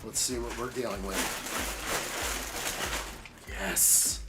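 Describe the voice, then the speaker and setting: A man's voice: lowish voice, steady tone, slow pace, heavy background noise. A man hosting a casual live stream, greeting viewers by name in an upbeat way while unboxing and building.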